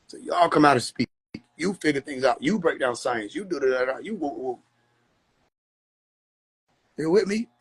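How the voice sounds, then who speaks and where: A man hosting a casual livestream, talking in an animated, preachy way and mocking people with laughs. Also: medium pitch, breathy edge. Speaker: livestream host. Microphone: phone.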